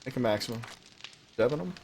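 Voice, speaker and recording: A man's voice: mid-range voice, lively intonation, fast, a little mellow, slight background noise. A man from Tennessee, rambling and joking as he comments on his gameplay. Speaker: let's play host. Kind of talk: casual game commentary.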